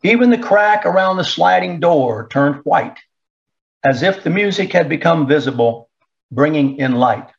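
Male audiobook narrator, slow and measured, mid pitch, dull lo-fi recording. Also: expressive, vocal fry. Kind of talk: audiobook reading.

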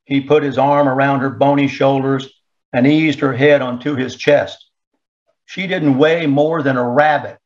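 A man narrating an audiobook in a measured, even storytelling manner. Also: medium pitch, gravelly, dull audio. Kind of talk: audiobook reading.

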